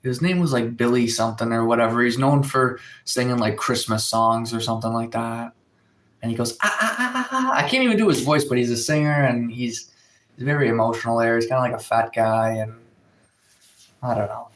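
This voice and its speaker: Recorded on a phone at home in an echoey room with a window, a man livestreams casually, rambling through stories with lots of fillers and reading viewer comments aloud. His mid-range voice is flat and fairly quick.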